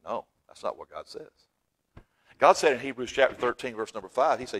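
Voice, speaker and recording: Fervent preacher, big swings. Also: male voice, medium pitch, big pitch swings, a little fast. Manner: fervent, swings from shouting to near-whisper. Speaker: pastor. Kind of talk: sermon. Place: church sanctuary.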